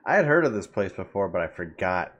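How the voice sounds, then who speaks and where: Low, lively teasing man. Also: fast talker, breathy edge, dull audio. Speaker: podcast co-host. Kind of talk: casual chat.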